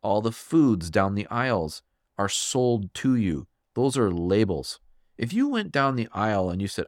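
A fired-up man rants on his own podcast, hammering his points with emphasis. His pitch leaps up and drops down with lots of life. The sound is dry and close, with no room around it. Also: expressive, moderate pace, dry recording. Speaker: podcast host. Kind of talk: solo podcast rant.

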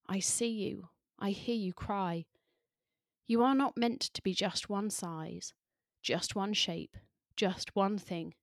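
Slow, soft-spoken woman podcast host. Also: mid-range voice, no room sound, clean studio sound. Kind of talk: slow, measured poetry reading.

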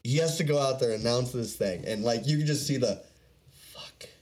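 A man's voice: mid-range voice, moderate pace, a little mellow. A man chatting casually on a podcast, swearing freely, laughing often and acting out other people's lines. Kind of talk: casual chat.

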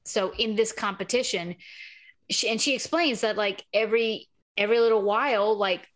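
Woman chatting about a tv episode, acts out the lines, lively retelling. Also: mid-range voice, moderate pace, rough recording. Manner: animated retelling, acts out quotes and screams. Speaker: podcast co-host recapping a TV episode. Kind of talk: casual chat.

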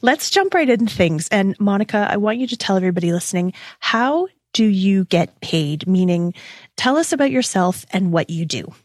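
A woman, hosting a podcast interview in a bubbly, excitable way and laughing often. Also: medium pitch, moderate pace, dry recording, studio quality. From Canada. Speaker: podcast host. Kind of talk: casual interview chat.

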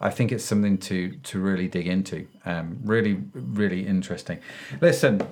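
A man's voice: low-pitched, normal speed, a little mellow. A male podcast host who wraps up a casual interview in an upbeat, effusive way and laughs easily.

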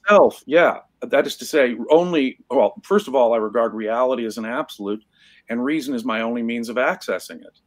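A male guest on a casual podcast who speaks in firm, declarative statements. His pitch sits in the middle range, and he repeats his points for emphasis. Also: brisk, no echo.

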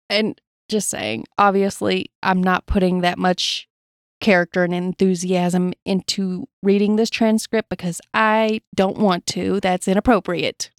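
With a measured pace and a medium pitch that barely moves, a true crime podcast co-host reads gravely from a case account. She adds blunt personal asides along the way, captured in studio quality with no room sound.

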